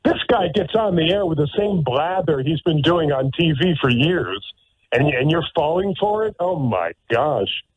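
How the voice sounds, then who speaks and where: A man hosts an opinionated radio monologue from the studio, his slightly high voice expressive and breathy at a moderate pace. He's sarcastic and emphatic, often repeating himself, and the dry audio has a tinny, narrow-band radio sound.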